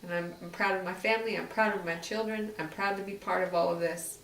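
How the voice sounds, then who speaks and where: A woman speaking earnestly and from the heart in a personal interview, with halting restarts. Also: on the low side, steady tone, a bit bright. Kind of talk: personal oral-history interview. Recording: echoey room, distant mic, faint noise.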